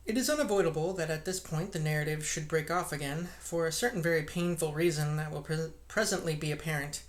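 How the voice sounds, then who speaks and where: A woman reads a classic novel aloud in a steady, measured way. Her narration is even and unhurried. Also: sits low. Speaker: audiobook reader.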